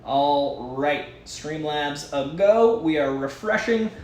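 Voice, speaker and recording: Excited guy on a live stream, bit higher voice, echoey room, reads out viewer comments. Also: slow pace, a little hiss or hum. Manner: enthusiastic, reads viewer messages aloud. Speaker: host. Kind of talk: casual live-stream chat. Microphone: studio mic.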